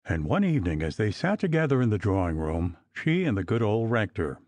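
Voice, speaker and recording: A man narrating an old gothic novel as an audiobook, reading in a measured, expressive way. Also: on the low side, no echo.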